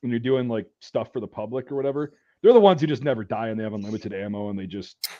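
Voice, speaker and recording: A man's voice: mid-range voice, fast talker, lo-fi sound. A man hosting a podcast, chatting casually and telling stories with lots of swearing. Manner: animated, swears often, acts out what people said. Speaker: podcast host. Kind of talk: casual chat.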